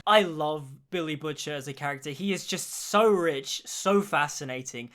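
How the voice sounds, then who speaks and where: A man's voice: fairly high pitch, moderate pace, fairly bright tone. A young man giving an enthusiastic spoken review of a TV series, gushing with praise. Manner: gushing, repeats "genuinely". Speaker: show reviewer.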